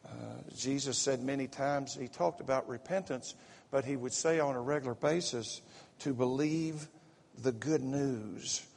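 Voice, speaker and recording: A man preaching a sermon in a folksy, excitable way, full of repetitions and asides, with a slight Southern accent. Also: medium pitch, measured pace. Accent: Southern US, slipping in from home visit. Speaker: pastor. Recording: echoey sanctuary reverb.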